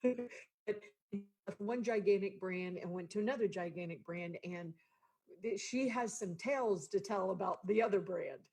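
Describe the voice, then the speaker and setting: A woman's voice: mid-range voice, dark tone, husky. A woman hosting an interview show, chatty and laughing easily. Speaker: podcast host. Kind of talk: casual interview chat.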